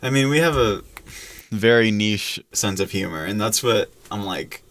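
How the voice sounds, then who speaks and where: A man's voice: on the low side, normal speed, a bit bright. A young man co-hosting a podcast, making dry, teasing remarks in casual chat. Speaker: podcast co-host.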